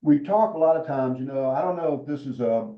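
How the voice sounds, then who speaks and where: A man's voice: medium pitch, fairly quick. A man presenting a rules clinic for basketball officials, talking casually with fillers and restarts. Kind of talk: rules instruction and discussion. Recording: roomy, dull lo-fi sound.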